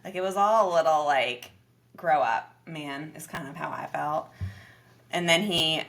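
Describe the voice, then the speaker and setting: A woman co-hosting a podcast, recapping a reality dating show in casual chat and acting out quotes in lively voices. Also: sits low, unhurried. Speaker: podcast co-host.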